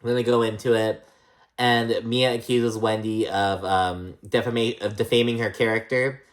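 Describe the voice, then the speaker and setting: A man's voice: medium pitch, flat delivery, moderate pace. Male recap vlogger: blunt, chatty, profane. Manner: blunt, swears freely, says 'like' a lot. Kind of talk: casual reality-show recap.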